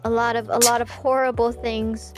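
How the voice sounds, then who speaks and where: A woman's voice: fairly high pitch, flat delivery, moderate pace, music in the background. A woman guest on a game stream, chatting casually in a teasing, giggly way. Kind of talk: casual gaming chat.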